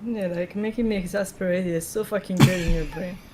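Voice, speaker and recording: A woman's voice: lowish voice, steady tone, brisk, heavy background noise. A woman gaming with a friend, exasperated and sarcastic, swearing freely. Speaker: duo gaming partner. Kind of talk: casual gaming chat.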